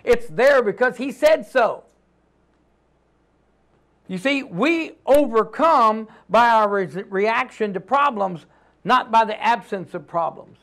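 A man preaching a sermon as pastor, emphatic, swinging between loud declarations and hushed lines and calling on the congregation to repeat after him. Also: extremely high pitch, animated, slow pace.

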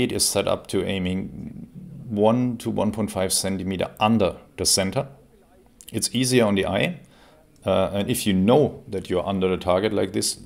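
A man, creaky after a cold, explaining an airgun in a relaxed, casual review with plenty of fillers. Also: low voice. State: recovering from a cold. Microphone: camera mic while seated.

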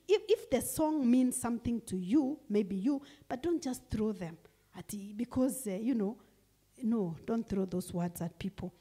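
A woman's voice: fairly high pitch, warm tone, husky. A woman with a Kenyan accent preaching a sermon in church, emphatic and repeating her key phrases. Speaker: guest preacher.

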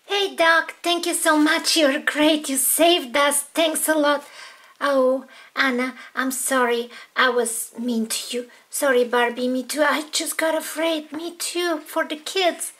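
A woman's voice: high-pitched, fairly even intonation, slow pace, a bit bright. A woman voicing dolls in a toy-play video, in a childlike, sing-song way. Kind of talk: toy play with doll voices.

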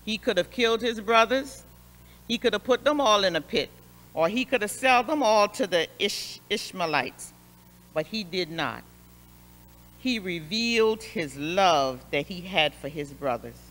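A woman Sunday school superintendent telling a Bible lesson as a story, expressive and repeating phrases for emphasis, in a church. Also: medium pitch, measured pace. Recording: long hall reverb.

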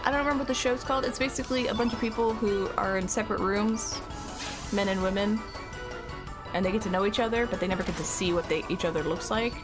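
A woman streamer talks casually while playing a game, rambling from one thought to the next. Her voice sits at an ordinary middle pitch. Faint music plays behind her. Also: quick pace. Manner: chatty, rambling. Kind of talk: casual gameplay chat.

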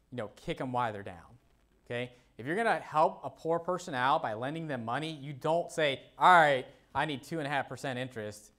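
A man with a mid-range, slightly bright voice preaches a sermon as a pastor, speaking casually and often saying "okay?" and "you know." He reads scripture aloud in King James wording and repeats verse references while the congregation looks them up.

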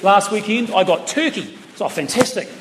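A middle-aged stand-up comedian with a New Zealand accent tells stories in a chatty set with playful asides to the crowd, his voice high-pitched and expressive at a moderate pace. On a large town hall stage, his mic goes through the PA, recorded from a distance in an echoey hall amid noise and audience laughter.

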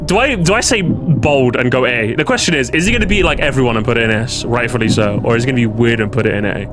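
A man giving excited reaction commentary, making predictions and pleading with the screen. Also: mid-range voice, fast. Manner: animated, predicting and pleading, bursts of laughter. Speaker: reaction streamer. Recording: music playing under the voice.

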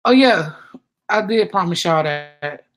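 A woman's voice: fairly low pitch, animated, takes it slowly. A woman hosting a casual livestream, rambling and chatty as she reads out viewers' comments. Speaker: livestream host.

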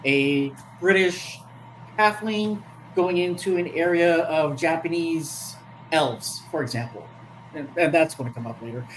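A guest on a casual panel discussion, giving advice haltingly with many fillers. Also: mid-range voice, slight background noise, poor audio.

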